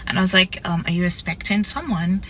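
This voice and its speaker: A woman casually retelling a bad date, animated and incredulous. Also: on the low side, brisk, a little hiss or hum, rough recording. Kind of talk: casual storytime monologue.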